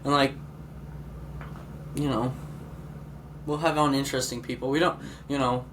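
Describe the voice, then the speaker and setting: A man's voice: mid-range voice, fairly even intonation, normal speed. Rambling young man on a podcast. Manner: rambling, lots of "like" fillers, laughs while telling stories. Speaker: podcast co-host. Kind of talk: casual chat. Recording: faint background noise.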